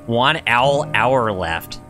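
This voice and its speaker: A man streaming a video game, giving chatty, animated commentary full of reactions and jokes. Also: medium pitch, very slow, soft background music. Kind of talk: casual let's-play commentary.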